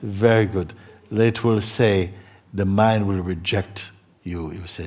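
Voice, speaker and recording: A man, a spiritual teacher, speaking earnestly to a seeker, moving between soft murmurs and emphatic, laughing passages. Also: sits low, fairly even intonation, slow. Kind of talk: satsang talk to a seeker. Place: meeting hall.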